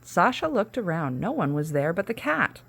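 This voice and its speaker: Brief: woman host narrating a kids' story, low voice with a gravelly edge, casual asides. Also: big pitch swings, normal speed. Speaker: podcast host. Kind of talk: reading a children's storybook aloud.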